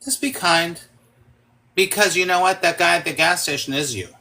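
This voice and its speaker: A man's voice: sits high, moderate pace, vocal fry, bright, forceful tone. A man talking as a guest in a casual conversation, emphatic, swearing freely and acting out quoted speech.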